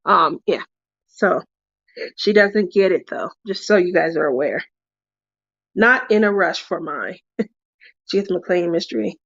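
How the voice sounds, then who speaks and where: A woman's voice: fairly low pitch, expressive, unhurried, gravelly, pauses often, dry recording, lo-fi sound. A woman hosting a casual crafting livestream who tells stories in a chatty way and laughs often. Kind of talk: casual chat while crafting.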